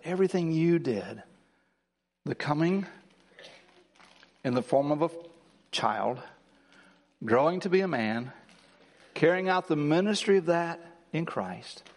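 Fervent pastor in a reverberant church. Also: male voice, fairly high pitch, expressive. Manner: builds to emphatic, rising lines, then slows and softens. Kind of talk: Christmas service sermon. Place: church sanctuary.

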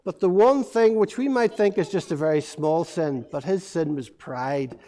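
Male preacher, playful storyteller for kids, high voice, church-hall reverb. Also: normal speed. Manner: lively, playful storytelling to children. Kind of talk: all-age sermon storytelling.

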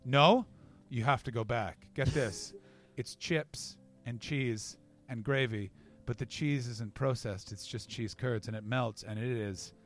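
A man doing brash, sweary, quick-riffing banter as a comedian answering audience questions at a live podcast. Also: medium pitch, soft background music. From Canada. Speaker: comedian, guest.

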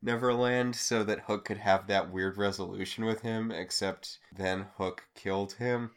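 A man's voice: lowish voice, steady tone, measured pace. A man co-hosting a casual recap chat, wry and questioning with dry humor. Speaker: podcast co-host.

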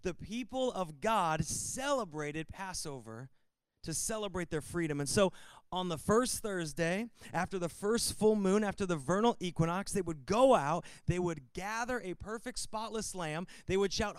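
High-voiced preaching man, crisp and dry. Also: animated, moderate pace, no room sound. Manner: preaching with rising emphasis and repetition. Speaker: pastor. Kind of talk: sermon.

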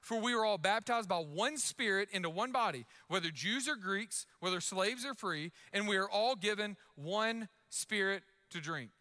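Young male pastor, high bright voice, loud energetic sermon delivery. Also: normal speed, hardly any pauses.

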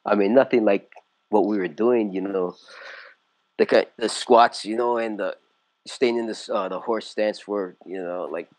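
A man's voice: lowish voice, normal speed, dry recording, rough recording. A man in his sixties from California, telling his story in a casual interview, rambling with many fillers and restarts. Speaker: martial arts instructor, interview guest.

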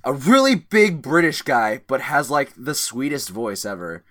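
A man's voice: medium pitch, sing-song, unhurried, bright, forceful tone. A man co-hosting a casual movie podcast, recapping scenes in a rambling way with frequent restarts. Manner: rambling, restarts, laughs often. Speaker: podcast co-host.

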